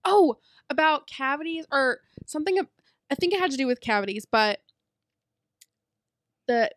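A young woman co-hosts a podcast, chatting casually in an easygoing, agreeable manner. Her high voice is animated and fairly bright, at a moderate pace. The sound is clean studio audio with no room sound.

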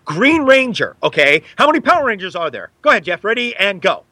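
A man who is an actor, guest on an interview podcast, telling stories in an animated, theatrical way and putting on voices. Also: high-pitched, fast, no echo. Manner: excitable, theatrical, mimics voices. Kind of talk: animated storytelling in conversation.

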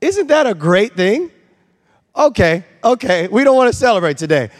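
A young man delivers a sermon from the pulpit, slipping into stories and acting out the scenes as he goes. His voice sits a little higher than most men's, and a long reverb from the large church hall trails after his words. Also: normal speed. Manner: storytelling, animated, acts out scenes. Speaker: pastor. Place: church sanctuary.

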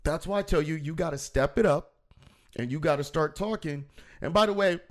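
A man's voice: fairly high pitch, fairly quick. A man, a comedian hosting a casual live stream, joking and telling stories with playful put-on voices. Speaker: comedian and show host.

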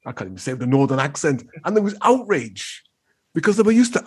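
Husky guy, highish voice, talking fast and tripping over his words. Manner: animated, stumbling over words. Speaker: regular co-host. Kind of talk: lively opinion chat.

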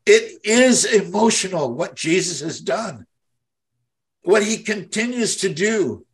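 An older man who ministers and hosts a devotional podcast speaks a little high, with a fairly bright tone. He's heartfelt and impassioned, wandering as he talks, and his voice swells when he's moved.

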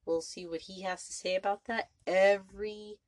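A woman's voice: medium pitch, steady tone, a little fast, dry recording, poor audio. A woman hosting a podcast, recapping a vampire film in a rambling, profane, casual way. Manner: rambling, profane, full of "you know" and "like". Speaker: podcast host.

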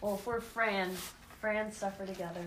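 A woman's voice: mid-range voice, steady tone, normal speed. A woman playing a tabletop game as a player, playful and a little hesitant. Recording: roomy, noisy recording.

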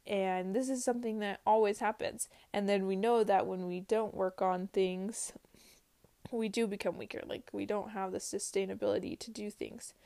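Earnest young woman with a creaky voice. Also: mid-range voice, a little mellow. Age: early 20s. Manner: earnest, uses many "like" fillers. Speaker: vlogger. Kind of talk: casual faith-based personal talk.

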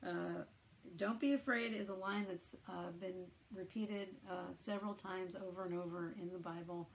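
A woman's voice: lowish voice, level tone, moderate pace, creaky, slight background noise, poor audio. A woman reading the Bible aloud and thinking it through in casual, hesitant talk full of fillers. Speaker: Bible reader.

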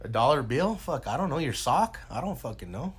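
A man's voice: medium pitch, sing-song, fairly quick, breathy edge. Slangy, swearing man in casual chat. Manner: rambling, slangy, swears a lot, laughs often. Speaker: podcast co-host.

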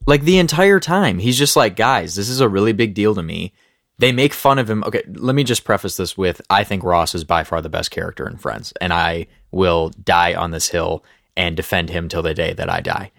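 A man's voice: deep voice, normal speed, creaky, a bit bright, no echo, studio quality. A young man in casual chat who gets worked up and ranty, mocking people in quoted voices.

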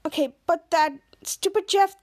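A woman's voice: very high-pitched, measured pace, darkish tone. A woman voicing a wary teenage girl hero in disguise.

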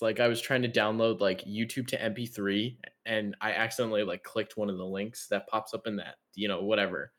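A young man co-hosting a podcast, telling an animated, slangy story with swearing and frequent laughs. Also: medium pitch. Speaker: podcast co-host. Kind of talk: casual chat.

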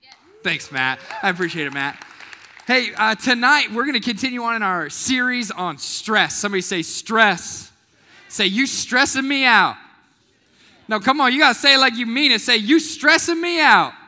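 A man's voice: very high voice, lively intonation, normal speed, bright, forceful tone. A male pastor, preaching a casual youth sermon and calling the crowd to respond. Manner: casual and playful. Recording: long hall reverb.

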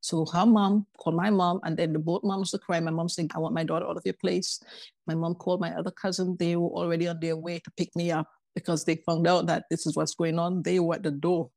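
Guest: woman, low gravelly voice, lively storyteller who mimics others, dry close sound. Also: brisk, dry recording. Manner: animated, acts out quoted voices. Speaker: podcast guest. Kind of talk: casual personal storytelling.

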